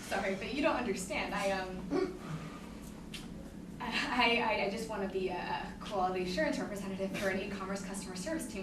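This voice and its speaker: A young woman in her twenties performs a self-deprecating comic monologue on a theater stage before an audience, rambling and laughing often. Her voice is mid-range and fairly quick. The mic sits far off in the echoey theater, and background noise is audible.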